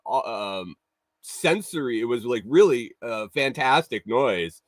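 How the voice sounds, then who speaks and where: A man's voice: mid-range voice, lively intonation, unhurried, no room sound. A man hosting a casual livestream morning show, reading viewer comments, laughing often and swearing, with rambling restarts.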